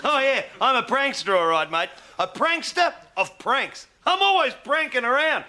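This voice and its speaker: A man's voice: very high voice, big pitch swings, normal speed, pushed and bright, exaggerated voice. An actor with an Australian accent playing a boastful Aussie prankster ex-boyfriend who laughs at his own lines. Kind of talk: studio sitcom acting.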